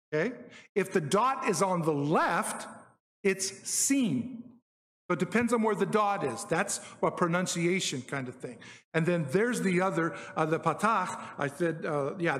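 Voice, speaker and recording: A man's voice: high voice, fairly bright tone, long reverb tail. A man giving a Bible teaching in a conversational, explanatory way, often checking in with the listeners. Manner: explanatory, conversational, frequent "okay?" check-ins. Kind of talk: Bible teaching on Hebrew words.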